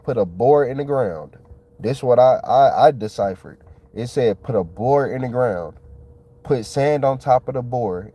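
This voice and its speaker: Excitable man rambling in slang. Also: mid-range voice. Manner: excitable, colloquial, repeats himself. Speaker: channel host. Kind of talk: casual rambling monologue.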